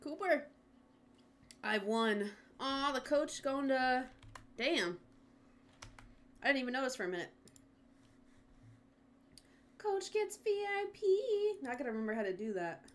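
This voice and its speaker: A woman's voice: fairly high pitch, normal speed, pauses often, a bit bright. A woman streaming a game from home on a headset, chatting casually, swearing often and talking to her pets. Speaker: gaming streamer. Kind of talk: casual livestream chat.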